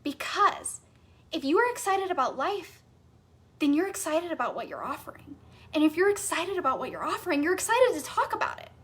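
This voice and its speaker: Woman, high voice, coach, live masterclass teaching, enthusiastic, emphatic repetition, casual fillers. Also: big pitch swings, fairly quick, fairly bright tone. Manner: enthusiastic, emphatic, repeats phrases for stress. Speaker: sales and human design coach.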